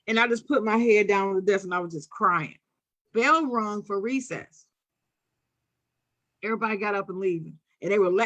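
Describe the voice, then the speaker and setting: A woman with a Philadelphia accent telling a childhood story on a casual podcast, acting out the voices she quotes. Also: fairly high pitch. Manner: animated, acts out quoted voices. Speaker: podcast co-host.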